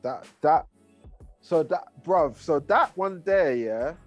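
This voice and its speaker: A man's voice: on the high side, animated, takes it slowly, faint music behind. Laid-back man, slangy chat. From England. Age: 30s. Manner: laid-back, heavy slang, rambling asides. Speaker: guest rapper and producer. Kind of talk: casual interview chat.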